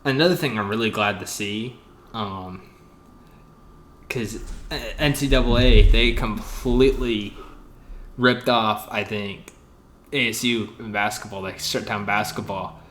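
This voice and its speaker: A young man hosting a casual podcast chat, rambling and excitable, full of fillers and restarts. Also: on the low side, unhurried, a little hiss or hum. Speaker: podcast host.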